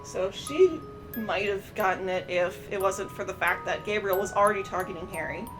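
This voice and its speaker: A woman recapping and reacting to a cartoon episode in a chatty, animated way, with lots of fillers. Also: medium pitch, music in the background. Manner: chatty, animated, with many fillers and quick quoted voices. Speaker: streamer reviewing a cartoon episode.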